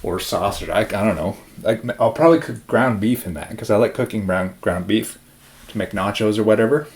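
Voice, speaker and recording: A man's voice: fairly low pitch, a little fast. A young man from the Spokane area, chatting in a rambling vlog, slightly out of breath and prone to tangents. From Spokane area, US Pacific Northwest. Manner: rambling, self-interrupting, chatty. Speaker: vlogger.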